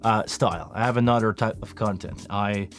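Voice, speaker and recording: Chatty low-voiced man hosting a live Q&A. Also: normal speed. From Canada. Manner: chatty, self-deprecating, rambling with many fillers. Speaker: live stream host, live sound engineer. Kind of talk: casual live stream Q&A chat.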